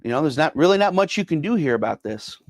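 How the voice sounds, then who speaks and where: A middle-aged man speaks fast in a rather high, sing-song voice with no room sound. Hosting a sports podcast by himself, he reads viewer comments casually, rambling and repeating himself with lots of fillers.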